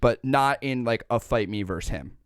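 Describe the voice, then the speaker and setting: Young man, comedy podcast co-host, profane excitable banter, lively pitch, dry studio sound. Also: moderate pace, clear, resonant tone, no room sound.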